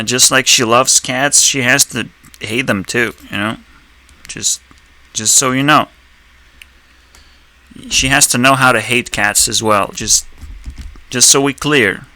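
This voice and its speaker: A man's voice: medium pitch, bright, forceful tone. A man giving casual reaction commentary, rambling and profane, and laughing often. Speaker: video commentator.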